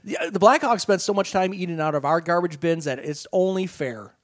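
A man's voice: high voice, animated, fairly quick. A man co-hosting a sports talk radio show, ranting animatedly in casual chat with frequent restarts. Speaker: radio co-host.

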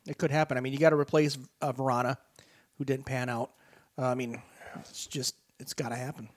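A man's voice: mid-range voice, level tone, a little fast. A man co-hosting a sports talk radio show, ranting animatedly in casual chat with frequent restarts. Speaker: radio co-host.

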